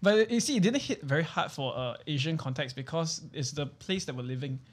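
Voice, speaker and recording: A man explaining his views quickly on a casual podcast. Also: a little high, expressive. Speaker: podcast guest. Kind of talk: casual chat.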